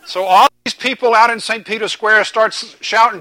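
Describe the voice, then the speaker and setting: A man preaching a sermon to a live group, asking them questions and telling a lively joke. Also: sits high, fairly quick, hardly any pauses, dry recording, rough recording. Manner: animated storytelling, joke-telling.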